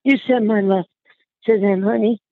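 A woman's voice: mid-range voice, steady tone, normal speed, no room sound. An older woman, short of breath, chatting affectionately in an interview and calling the listener honey. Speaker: interviewee, aunt. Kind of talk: casual phone chat. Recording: tinny phone line, dry.

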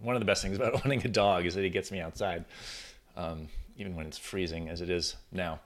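A man with a deep, low-pitched voice hosts a solo podcast and speaks to his listeners in a loose, conversational way. He often restarts and corrects himself in the middle of a thought, as if thinking aloud at his desk. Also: fast talker. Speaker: podcast host. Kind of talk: casual solo podcast talk. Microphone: recording on camera at desk.

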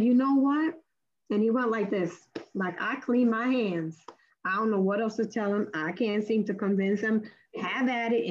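Husky woman telling an animated faith story. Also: lo-fi sound. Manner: acts out quoted speech with big pitch jumps. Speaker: guest sharing a testimony.

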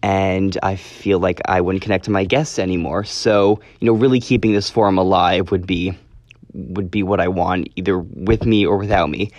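A man's voice: low voice, steady tone, moderate pace, a little mellow, dry recording. A teenage boy hosting his own podcast, talking casually and earnestly, often correcting himself as he goes. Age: teens. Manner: rambling, earnest, self-correcting. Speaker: podcast host. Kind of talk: casual solo podcast talk.

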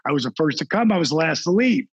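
A man telling animated stories as a podcast guest, acting out the voices of the people in them. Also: on the high side, fast talker, slightly rough, no echo, lo-fi sound. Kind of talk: casual storytelling.

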